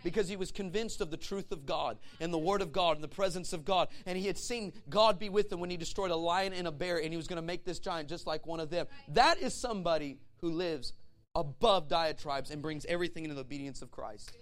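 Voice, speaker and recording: A male pastor preaching a sermon, animated and conversational, asking the audience questions and acting out stories. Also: fairly high pitch, fairly quick. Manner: animated storytelling with acted voices and laughs.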